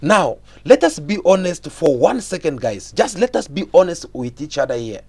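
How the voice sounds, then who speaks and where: Guy reacting to a speech clip, talks straight to his viewers, higher voice, bouncy pitch. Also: sing-song, normal speed, a little mellow. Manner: direct, questioning the audience. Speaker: channel host.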